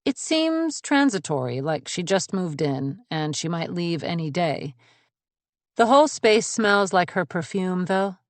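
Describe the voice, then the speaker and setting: A woman's voice: lowish voice, big pitch swings, measured pace, no room sound. A woman narrating a first-person thriller audiobook in a cool, observant, composed way.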